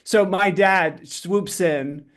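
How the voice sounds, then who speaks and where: A middle-aged man with a fairly high voice tells his own life story as a podcast guest. He talks fast and with energy, breaking off his sentences and packing them with fillers. It sounds like candid, unscripted conversation. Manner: fast, animated, self-interrupting with many fillers.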